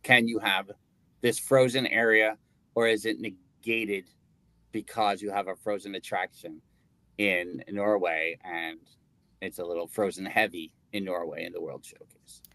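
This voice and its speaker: A man's voice: low-pitched, fairly even intonation, measured pace, sharp tone, no room sound. A man co-hosting a casual podcast chat, rambling and jokey, often restarting his sentences. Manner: rambling, self-interrupting, jokey. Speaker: podcast co-host.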